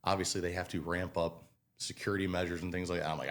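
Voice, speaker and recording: A man in his twenties, a restaurant manager as a podcast guest, telling work stories in a casual, animated way and acting out what people said. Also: low-pitched, quick pace. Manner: animated storyteller, acts out quotes, swears casually. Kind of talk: casual interview storytelling.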